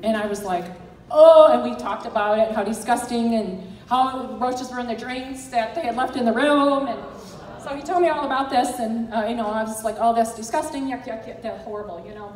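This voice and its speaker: A woman's voice: on the high side, steady tone, a little fast. A middle-aged woman giving an earnest, encouraging motivational talk as a direct sales team director. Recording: echoey hall from far off.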